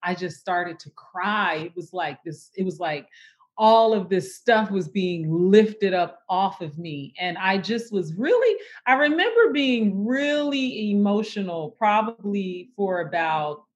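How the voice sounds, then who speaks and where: Slow, reflective woman, slightly muffled. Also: mid-range voice, animated. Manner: reflective and emotional, with many fillers. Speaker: interview guest. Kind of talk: personal conversation.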